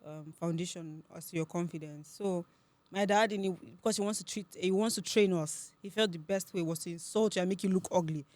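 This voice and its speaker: A young woman with a Nigerian accent, a podcast guest telling her story in a lively, chatty way. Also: on the low side. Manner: chatty, animated storytelling with quick laughs. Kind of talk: casual interview chat.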